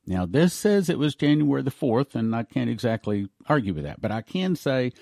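A man hosts a prophecy talk show, and he works through the news in an earnest, deliberate way, reading articles aloud and spelling out names. His voice sits at an ordinary middle pitch. The recording is dry and close. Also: big pitch swings, gravelly, darkish tone, no echo. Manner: earnest, lays out points slowly and spells words out.

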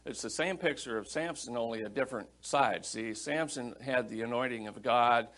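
A middle-aged man teaches scripture from the pulpit in a relaxed, conversational, storytelling way. He reads verses aloud and then talks them through as if chatting with the congregation. His voice sits in an ordinary middle pitch. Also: normal speed. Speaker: pastor. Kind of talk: sermon, Bible teaching.

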